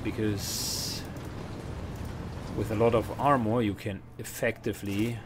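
A man hosting a let's play, relaxed and thinking aloud about the gameplay as he goes. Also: on the low side, unhurried, noisy background. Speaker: gaming channel host.

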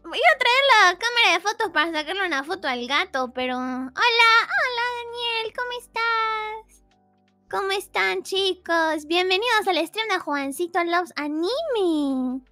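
Super high-pitched woman streamer, dramatic and giggly, bouncy up-and-down voice. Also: animated, normal speed, sharp tone, no echo, faint music behind. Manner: dramatic, giggly, mock-pleading. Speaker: VTuber guest. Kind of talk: playful livestream chat. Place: home streaming setup.

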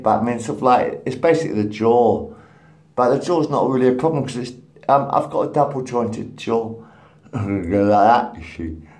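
A man in his fifties rambling in a profane solo monologue, swinging between muttered asides and loud outbursts. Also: lowish voice, gravelly. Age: 50s.

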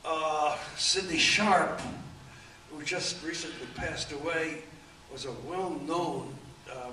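Old man in his 80s rambling through stories, lots of uhs, slightly high voice, roomy far-off mic with faint hum. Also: steady tone, pushed and bright. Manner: rambling anecdotes, halting with frequent fillers. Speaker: author and guest. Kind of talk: storytelling at a book event. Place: event room. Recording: echoey room, distant mic, faint room noise.

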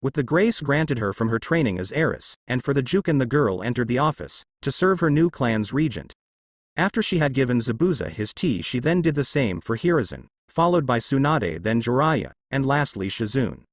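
Man narrating fan fiction, lively pitch. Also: normal speed, dry recording, studio quality.

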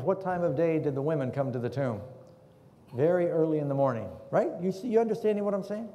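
A man's voice: fairly high pitch, fast, mellow. A man preaching a sermon in a church and asking the congregation questions. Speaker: pastor. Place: church hall. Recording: echoey church hall.

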